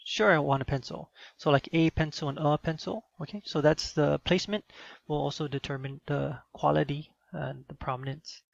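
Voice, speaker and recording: A man's voice: fairly high pitch, steady tone, moderate pace, creaky, no echo, dull audio. A man giving a recorded teaching demo, explaining in an instructional way with some fillers.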